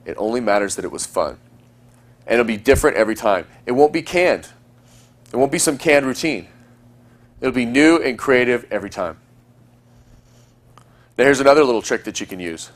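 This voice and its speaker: Animated and medium in pitch, this man teaches dating advice in a recorded lesson, talking quickly and chattily while acting out sample lines.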